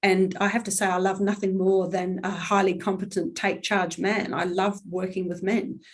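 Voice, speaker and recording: A middle-aged woman gives an earnest, candid talk as a guest speaker, pausing often with thoughtful ums. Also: medium pitch, level tone. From New Zealand. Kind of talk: earnest talk on workplace equality.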